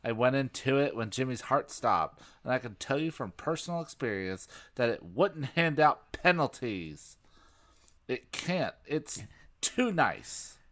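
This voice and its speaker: A man's voice: medium pitch, very animated, measured pace, a bit bright. A man co-hosting a comedy podcast, reading a book aloud with dry, mocking asides. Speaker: podcast co-host.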